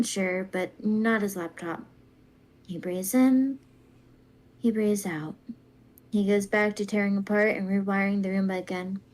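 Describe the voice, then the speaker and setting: Woman, mid-pitched voice, soft even fanfic reading, casual. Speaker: fanfic reader.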